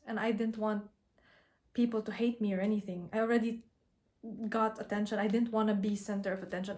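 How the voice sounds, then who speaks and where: A young woman speaks candidly to camera, recounting a personal experience in a reflective, unpolished way. Her talk is casual, full of restarts and filler words, at a medium pitch. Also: darkish tone. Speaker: content creator. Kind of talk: personal storytelling vlog.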